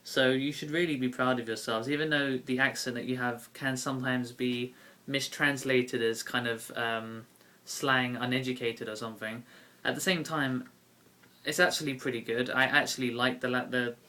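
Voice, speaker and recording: A young British man vlogs about card games on YouTube, rambling casually to the camera with plenty of ums, fillers, and self-corrections. His voice sits in the mid-range, with a steady, sharp tone at a moderate pace.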